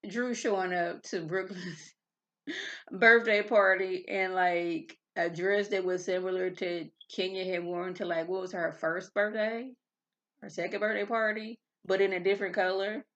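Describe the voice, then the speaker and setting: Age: 30s. Sex: woman. Pitch: middle. Style: casual reality TV recap vlog, rambling and full of tangents. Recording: dull, lo-fi. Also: fairly even intonation, measured pace, fairly bright tone. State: a bit irritable before coffee. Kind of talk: casual chatty episode review. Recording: dull lo-fi sound.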